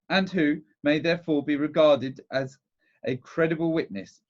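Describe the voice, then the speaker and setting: A man reading a classic novel aloud, often stumbling over words and going back to restart phrases, in a dull lo-fi recording. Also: a little high. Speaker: reader.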